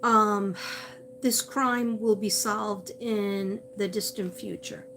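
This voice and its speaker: A woman's voice: medium pitch, fairly even intonation, slow pace, noisy background. A woman psychic medium doing a livestream reading, calling out to a missing person and repeating his name as she searches. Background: music.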